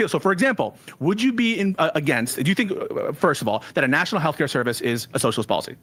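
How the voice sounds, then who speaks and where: A man's voice: on the high side, very animated, quick pace, fairly bright tone. A man pressing questions in a live panel debate, with stammered restarts.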